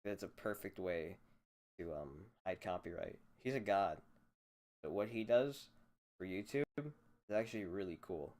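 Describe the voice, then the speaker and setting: A man's voice: low voice, a little slow, darkish tone. A young man hosting a solo podcast, ranting in a profane, rambling, sarcastic way into a desk microphone. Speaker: podcast host.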